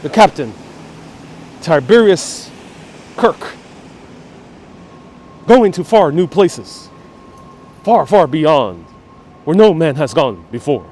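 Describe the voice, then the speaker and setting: A man playing a bold starship captain and speaking in grand, halting, dramatic phrases. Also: a little high, sing-song, darkish tone, a little hiss or hum. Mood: grandiose.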